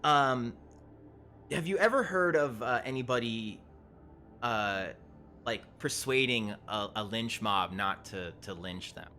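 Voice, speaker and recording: A man narrates a tabletop game as game master, stopping often to restart his sentences. He talks slowly and loosely, with the odd curse. His voice has a bright, forceful edge. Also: medium pitch, slight background noise. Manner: halting, many fillers and restarts, casual profanity.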